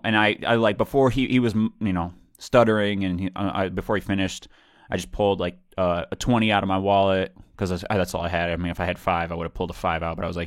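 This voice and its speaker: A man's voice: on the low side, brisk, dry recording, clean studio sound. A man telling a story in a casual monologue, rambling, correcting himself and using many fillers.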